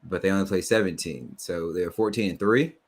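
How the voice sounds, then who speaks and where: A man's voice: low-pitched, a little fast, slightly rough, no room sound. A man co-hosting a casual sports podcast, joking and riffing with lots of restarts. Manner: animated, jokey, lots of restarts. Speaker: podcast co-host.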